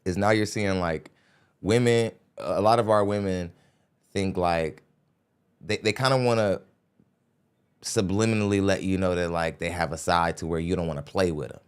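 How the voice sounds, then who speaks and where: A man with a very low, smooth and resonant voice talks into a studio microphone. He hosts a podcast and comments in a blunt, lecturing way. His tone is casual. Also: fairly even intonation, normal speed, long pauses. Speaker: podcast host reacting to a clip.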